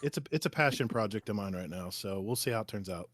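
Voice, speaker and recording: Excitable man guesting on a gaming podcast. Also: on the low side, quick pace, no echo, studio quality. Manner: excitable, emotional, enthusiastic. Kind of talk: casual gaming podcast chat.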